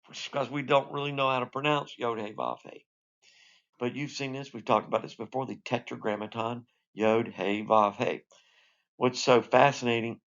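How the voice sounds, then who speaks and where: A man's voice: mid-range voice, fairly bright tone, dull audio. A man teaching a recorded Bible lesson, explaining in a conversational way with asides. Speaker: Sunday school teacher.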